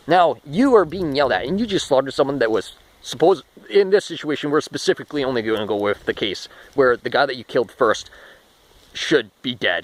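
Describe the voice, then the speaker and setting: A man's voice: medium pitch, no room sound, poor audio. A man talking through a rambling spoken monologue, restarting often and swearing casually. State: short of breath.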